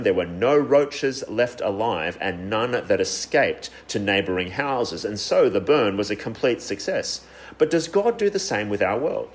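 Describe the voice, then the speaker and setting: A man preaching a sermon in an earnest tone, with frequent fillers and shifting emphasis. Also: on the low side.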